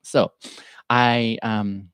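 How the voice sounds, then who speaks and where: A man's voice: on the low side, little pitch movement, extremely slow, a bit bright, smooth, no room sound. A middle-aged man hosting a solo podcast, speaking earnestly and from the heart with a stuffy, sniffly nose. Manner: earnest, heartfelt and openly emotional. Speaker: podcast host. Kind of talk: reflective solo podcast monologue.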